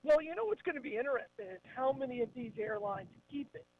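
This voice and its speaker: High-voiced man on a phone line. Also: sing-song, fast talker. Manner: chatty, wry. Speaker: regular guest. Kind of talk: casual radio chat. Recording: dull phone line audio.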